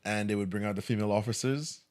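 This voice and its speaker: Animated man telling stories. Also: on the low side, quick pace. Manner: animated storyteller, acts out quotes. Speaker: co-host. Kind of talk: casual podcast discussion.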